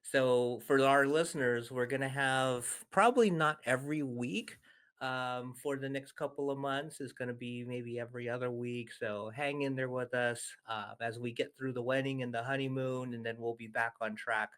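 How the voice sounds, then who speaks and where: A man's voice: mid-range voice, steady tone, moderate pace, fairly bright tone. A man co-hosting a podcast, chatty and upbeat as he talks to listeners and brings on a guest. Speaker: podcast co-host.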